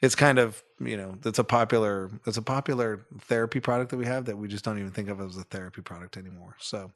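A man's voice: lowish voice, fast talker. A middle-aged man hosting a podcast in casual chat, rambling and correcting himself as he tells a fond family story. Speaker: podcast co-host.

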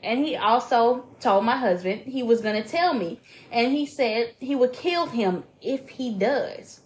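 In poor audio, a woman co-hosting a podcast reads a listener's email aloud with dramatic emphasis, then gives blunt, profane advice in casual chat. Her voice is on the high side, expressive, unhurried, and a little mellow.

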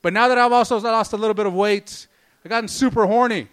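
Male stand-up comic, fairly high and smooth voice, profane, rambling, loose. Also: fairly even intonation, fast talker, a bit bright. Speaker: stand-up comedian. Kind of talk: stand-up comedy set.

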